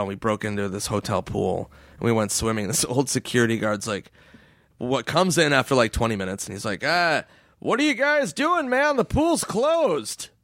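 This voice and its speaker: A man's voice: medium pitch, no room sound, clean studio sound. A man, a comedian guest, telling stories in casual chat, acting out quoted voices and laughing as he swears.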